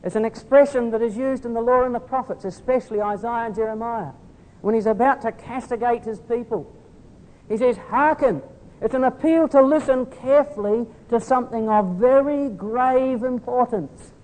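Man preaching in a reverberant hall. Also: normal speed. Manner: earnest, swings from soft tender asides to loud emphatic appeals. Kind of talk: sermon. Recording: hall reverb with faint rumble.

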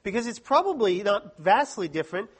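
A man's voice: high-pitched, big pitch swings, brisk, slightly rough. A man giving a humorous, self-deprecating talk to a live audience at a Christian study week. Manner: joking, self-deprecating, chatty asides.

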